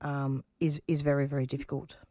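Australian woman, low pitch, earnest and passionate radio guest, dry studio sound. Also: little pitch movement, brisk, dark tone, dry recording. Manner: earnest, passionate, repeats words as she searches. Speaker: community radio producer and host. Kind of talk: radio interview, personal and reflective.

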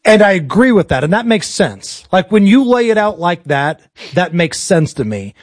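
A man's voice: high voice, sing-song, moderate pace, no echo, studio quality. An American man hosting a casual political talk show, blunt, opinionated and jokey as he puts questions to his guest. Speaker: show host.

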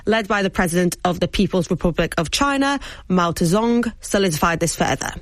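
A woman co-presenter giving background in a measured, informative way for a radio documentary. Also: fairly low pitch. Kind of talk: scripted radio documentary narration.

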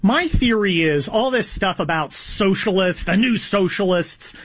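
A man's voice: sits high, animated, unhurried, fairly bright tone, breathy edge, no room sound. A man in his fifties hosting a political talk conversation, opinionated and sarcastic, stumbling through many fillers. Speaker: host.

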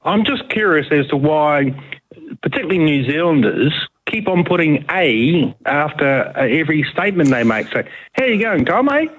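A man's voice: fairly high pitch, lively intonation, moderate pace, husky, phone-quality sound. A man calling a radio show, curious and friendly. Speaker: caller. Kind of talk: radio phone-in.

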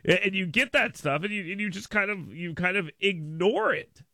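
A male radio host with a fairly high, bright and forceful voice, talking through a casual on-air story. He punches key words with sudden leaps in pitch and volume. The studio sound is close and dry. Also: moderate pace, creaky, no echo. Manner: animated storytelling, jumps up in pitch and volume for emphasis. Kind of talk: casual talk radio monologue. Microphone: studio microphone.

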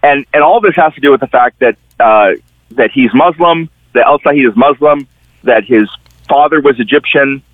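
A middle-aged man speaks at a moderate pace and medium pitch over a tinny phone line, with no room sound. As a newspaper columnist and guest, he offers conversational political commentary, telling lively stories and acting out the people he quotes.

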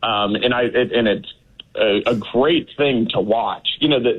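A man's voice: mid-range voice, husky. A man from Texas, a guest in a political interview, talking in an emphatic, dismissive way with many fillers. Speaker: guest, congressman. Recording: phone-like remote line.

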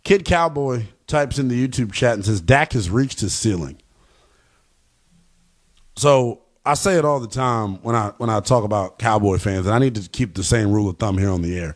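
A man's voice: on the low side, moderate pace. Brash male sports radio host. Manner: brash, animated, trash-talking. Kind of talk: call-in sports talk.

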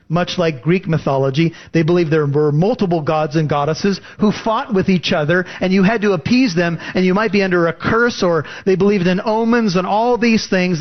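A man preaching a sermon, reading scripture and explaining it with lively emphasis. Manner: animated, rising pitch for emphasis. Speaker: pastor. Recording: dull lo-fi recording.

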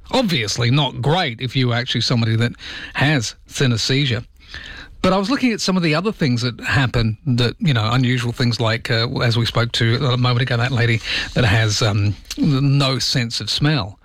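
A man's voice: mid-range voice, fairly bright tone, no echo, clean studio sound. A man hosting a radio show, chatting casually and keeping asking his listeners rhetorical questions. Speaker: radio host. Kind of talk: casual talk radio chat. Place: radio studio. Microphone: studio microphone.

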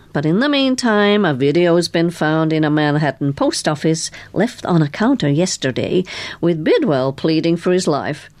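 A woman's voice: lowish voice, a little mellow. A woman voicing a chatty male office worker who relishes passing on gossip.

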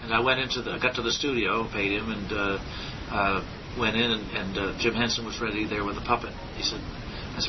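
A puppeteer in his seventies, telling stories in a halting interview with many pauses, recorded on muffled tape. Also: fairly even intonation. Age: 70s. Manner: halting, many "uh"s, slips into voices. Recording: muffled recording with rumble behind.

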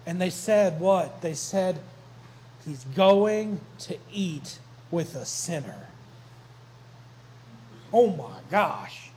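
Slow-talking man preaching a sermon. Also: fairly high pitch, a little hiss or hum, low-quality recording. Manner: conversational, joking storyteller. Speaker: pastor.

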